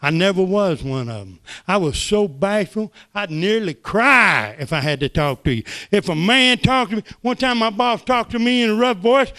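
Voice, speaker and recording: An older man preaching, telling folksy stories that swing from soft asides to loud exclamations. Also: sits high, lively intonation, moderate pace, few pauses. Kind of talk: sermon testimony.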